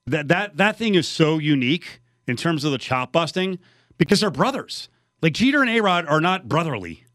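Male sports radio host, wry banter, fairly high voice, dead-dry studio sound. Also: big pitch swings, normal speed, fairly bright tone, no echo.

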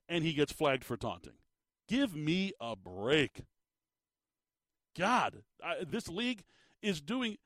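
A man hosting sports talk radio, animated and emphatic, often repeating his words as he gets worked up. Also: a little high, no echo. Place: radio studio. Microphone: studio microphone.

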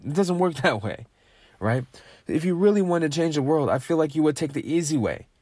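A man's voice: on the high side, animated, a little fast, darkish tone, no room sound, studio quality. A man hosting a podcast, ranting casually with sarcasm and swearing freely. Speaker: podcast host. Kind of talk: casual opinion rant.

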